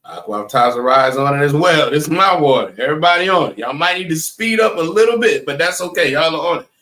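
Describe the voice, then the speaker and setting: A man's voice: fairly high pitch, expressive, fast, pushed and bright. A man leading a live online class, speaking emphatically, repeating his points and checking in with listeners with "right?". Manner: addresses chat viewers directly. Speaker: class instructor.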